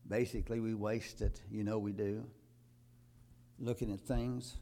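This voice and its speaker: An older man preaching a sermon to his congregation, building from calm talk to loud emphatic peaks and quoting scripture. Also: lowish voice, measured pace, vocal fry. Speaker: pastor.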